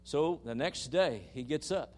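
A man preaching a sermon in church, telling a story and rising into loud, emphatic praise while calling the congregation to respond. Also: a little high, expressive, unhurried, a little hiss or hum.

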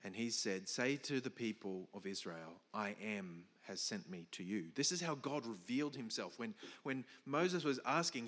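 A man's voice: lowish voice, animated, normal speed, few pauses, a bit bright, big-room sound. A man preaching a sermon, explaining a passage with emphatic stresses, some restarts and fillers. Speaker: pastor.

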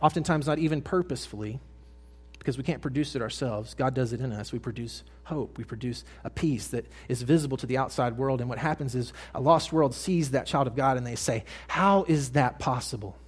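A young adult male pastor preaching a sermon, earnest, dropping to hushed tones and then rising to loud emphatic lines. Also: mid-range voice, a little fast, slightly rough.

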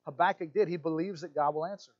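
High-voiced pastor preaching a lively sermon. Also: male voice, quick pace, dull audio. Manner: animated storytelling, acts out voices.

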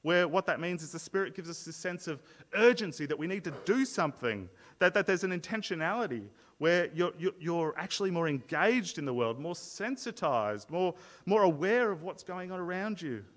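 A man's voice: high-pitched, sing-song, normal speed, few pauses, a bit bright, long reverb tail. A man preaching a sermon as pastor, explaining earnestly and often repeating words as he restarts a thought.

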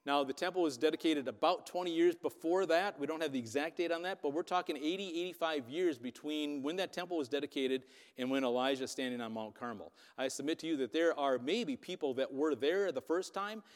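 A man preaching a sermon, retelling scripture as lively storytelling with sarcastic asides. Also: fairly high pitch. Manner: animated storytelling, voicing quotes with sarcasm. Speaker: pastor. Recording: long hall reverb.

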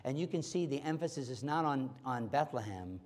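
A man preaching a sermon, stressing lines by repeating them, and swinging from loud to hushed. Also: mid-range voice, expressive, brisk. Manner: emphatic, repeating key phrases, swinging between loud and quiet.

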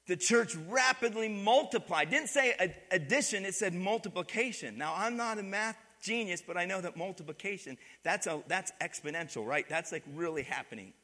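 A man's voice: high voice, expressive, fairly quick, hardly any pauses, sharp tone, big-room sound. A man preaching a sermon as pastor, calling on the congregation to answer back and repeat his words. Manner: call-and-response preaching, asks the congregation to repeat. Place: church sanctuary.

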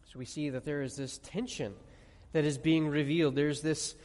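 Male preacher, slightly high voice, emphatic sermon delivery in a long-reverb hall. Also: steady tone, moderate pace. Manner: emphatic, asks the audience questions, drops to quiet on key words.

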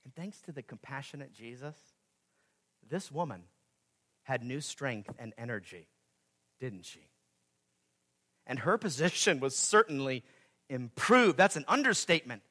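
A man preaching a sermon as pastor, swinging between loud emphatic peaks and quiet asides, repeating key phrases. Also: lively intonation, a little slow, long pauses. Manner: dramatic swings in pitch and loudness, emphatic repetition.

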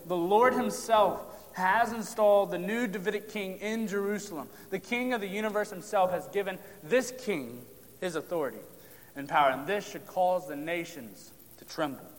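A man preaching a sermon on a psalm, emphatic, pressing hard on key lines and then dropping to a hush. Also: high voice, moderate pace. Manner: emphatic, drops to hushed tones for stress. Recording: long hall reverb.

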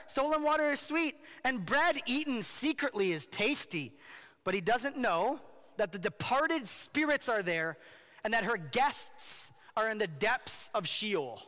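A male pastor giving an animated, jokey sermon, often asking his listeners questions. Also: very high voice, measured pace, long reverb tail.

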